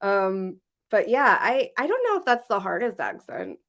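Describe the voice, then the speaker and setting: A woman's voice: mid-range voice, wildly swooping pitch, normal speed, fairly bright tone. A woman co-hosting a podcast, chatting casually and laughing often. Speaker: podcast co-host. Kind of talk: casual chat.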